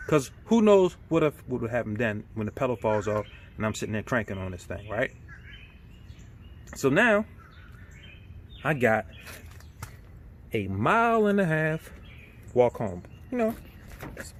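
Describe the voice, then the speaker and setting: A man's voice: medium pitch, very animated, measured pace, long pauses, a little hiss or hum. Irate man ranting to camera. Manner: irate, repetitive, swears and asks "right?" often. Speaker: vlogger. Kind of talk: casual ranting monologue.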